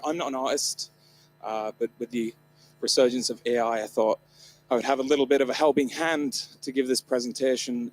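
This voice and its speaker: A man from the north of England giving a comedic keynote talk on stage at a live event, irreverent, joking and swearing freely. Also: mid-range voice. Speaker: conference presenter.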